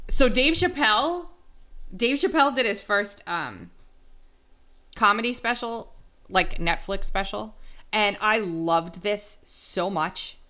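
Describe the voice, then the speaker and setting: A woman hosting a solo podcast, talking in a chatty, blunt way with quick asides. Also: mid-range voice, a bit bright. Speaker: podcast host. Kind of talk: casual solo podcast commentary.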